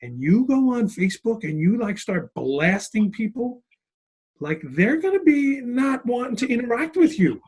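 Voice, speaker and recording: A man's voice: very high-pitched, moderate pace, slightly rough. A middle-aged man, a school principal and author, telling stories in a conversational interview and often checking in with "right?". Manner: animated, tags lines with "right?" and "like".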